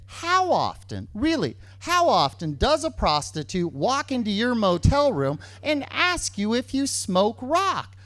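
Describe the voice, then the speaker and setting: A man telling a true story on stage, lively and repeating key lines for emphasis. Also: high-pitched, no echo.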